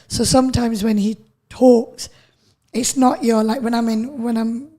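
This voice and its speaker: A woman from England, hosting a casual radio interview as a chatty, expressive storyteller. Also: a little high, unhurried. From northern England. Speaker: radio host.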